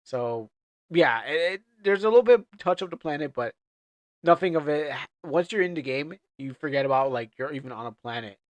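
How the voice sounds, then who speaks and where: A man's voice: a little high, expressive, normal speed, dry recording. Rambling male streamer, dry sound. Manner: rambling, stammers and repeats words. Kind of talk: casual live-stream chat.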